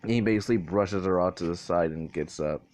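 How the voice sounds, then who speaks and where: Speaking briskly with a somewhat low, slightly mellow voice, a young man casually spins a made-up fan story. It's loose and unscripted: he rambles, swears freely, and keeps stopping to correct himself.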